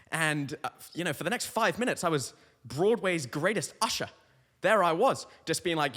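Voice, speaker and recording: A man's voice: fairly high pitch, lively intonation, brisk, fairly bright tone, in a large hall. A young adult man hosting a comic podcast monologue, telling rambling stories full of tangents. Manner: rambling, tangent-prone storytelling. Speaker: comedian host.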